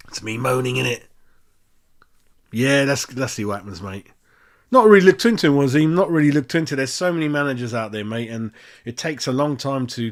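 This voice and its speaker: A man hosting a casual match-reaction chat, chatty and ranting with plenty of swearing. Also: mid-range voice. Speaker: fan channel host.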